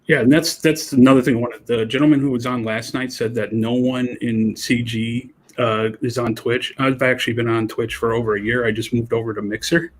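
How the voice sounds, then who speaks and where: A man's voice: medium pitch, fairly even intonation, fairly quick, few pauses. A man, a comic artist guest on a livestream, agreeable and self-deprecating in casual talk.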